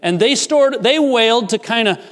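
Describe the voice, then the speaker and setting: A man preaching a sermon as a pastor, swinging from loud, rising emphasis to hushed, low asides. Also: lively intonation, moderate pace. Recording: reverberant hall.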